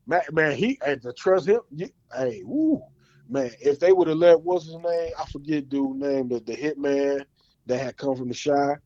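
A man's voice: a little high, moderate pace, a little mellow, no echo. A man hosting a casual chat, talking in laid-back slang. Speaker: podcast host. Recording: dry, dull lo-fi sound.

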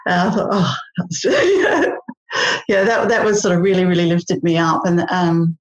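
A woman's voice: lowish voice, measured pace, highs cut off. A woman, a podcast guest telling stories in a chatty way, laughing often and using many fillers. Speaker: podcast guest, language learner. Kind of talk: casual storytelling.

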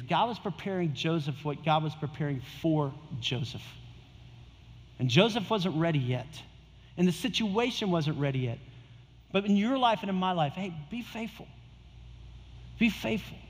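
A man's voice: a little high, in a large hall. A male pastor preaching a sermon in a casual, conversational way, repeating his key phrases.

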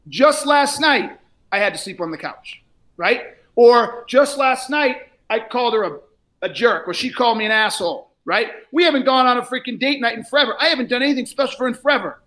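High bright-voiced guy coaching sales, cussing, yells then goes quiet. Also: lively intonation, brisk. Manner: blunt, profane, lecturing; often shouts, then drops low. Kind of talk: live sales coaching role-play.

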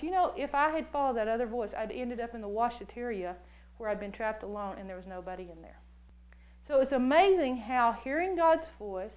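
A woman preaching a sermon, telling stories in an animated, jokey way and acting out the voices she quotes. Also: a little high, low-quality recording. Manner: jokey, laughs often.

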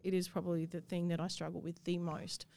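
A woman's voice: fairly low pitch, little pitch movement, a little fast, creaky, dark tone. A woman, telling a personal story in an interview, blunt and swearing freely. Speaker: guest.

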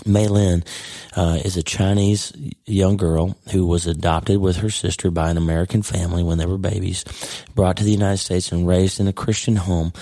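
A middle-aged man hosts his podcast with a hoarse, worn-out voice that crackles with gravel. He talks earnestly and rambles, often restarting his sentences. His tone is low and dark, and the recording is dry and close. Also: flat delivery, moderate pace, no room sound. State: hoarse, lost voice. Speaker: podcast host. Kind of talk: casual podcast monologue.

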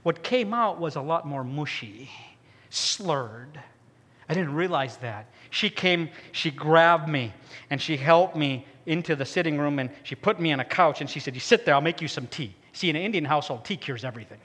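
A man in his fifties giving a personal testimony to an audience, swinging from hushed to loud. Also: fairly high pitch. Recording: long hall reverb.

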